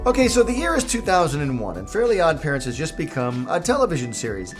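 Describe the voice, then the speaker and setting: A man's voice: fairly high pitch, huge pitch swings, fast, few pauses, over music. A man, a cartoon creator, telling a jokey, self-mocking story in a casual vlog.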